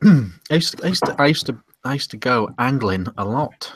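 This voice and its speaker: A man's voice: medium pitch, lively intonation, normal speed, noisy background. A British man co-hosting a casual podcast chat, restarting his sentences and laughing often. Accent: British English. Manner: hesitant, repeats words and laughs often. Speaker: podcast co-host.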